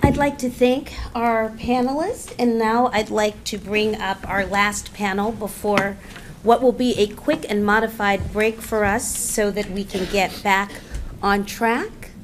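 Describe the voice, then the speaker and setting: A woman hosts a panel event and introduces the next speakers in a measured, formal tone. She speaks slowly and deliberately. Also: mid-range voice, steady tone, a little hiss or hum. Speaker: event moderator.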